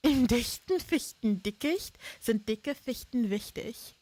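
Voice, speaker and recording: A woman's voice: a little high, animated, slow, warm tone. A woman streaming live in casual chat, playful, laughing often and swearing freely.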